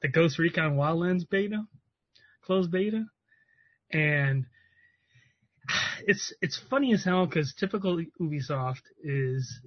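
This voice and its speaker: A man co-hosting a podcast, telling animated, profane stories and laughing as he talks. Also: fairly high pitch, slow, long pauses, no room sound. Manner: animated storyteller, swears, laughs a lot. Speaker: podcast co-host. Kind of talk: casual chat. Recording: dry, dull lo-fi sound.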